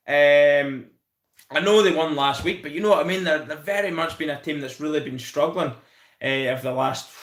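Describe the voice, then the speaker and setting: Scottish man, rambling live-stream host, high-ish voice, echoey room. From Scotland. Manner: excitable, rambling, swears freely. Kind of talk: casual live-stream chat.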